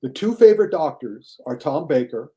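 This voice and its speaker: A man talking casually as a guest critic on a podcast, enthusiastic, and mocking critics in a high whiny voice. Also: very animated, normal speed, warm tone.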